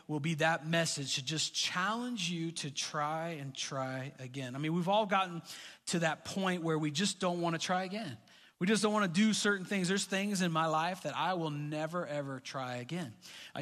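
A middle-aged man preaching a sermon as pastor, telling stories in a conversational way that rises into animated bursts. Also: fairly high pitch. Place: church hall. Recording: reverberant church hall.

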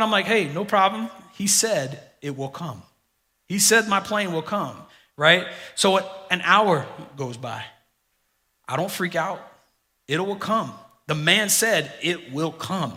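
A male pastor delivers his sermon in a bright, forward voice pitched a little high. He talks to the room like friends, telling stories and swinging from loud punchlines to quiet, hushed emphasis. His voice carries a long reverb from the large hall. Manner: conversational storytelling, dynamic swings from loud to hushed.

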